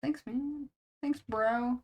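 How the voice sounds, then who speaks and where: A woman on a casual live stream, talking to her viewers while she draws. She rambles from one thought to the next, reacting with quick laughs and over-the-top outbursts. She drops "bro", "dude" and "man" into almost every sentence. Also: high voice, fairly even intonation, a little mellow, low-quality recording. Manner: rambling and chatty, says "bro" and "man" constantly. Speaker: streamer drawing commissions.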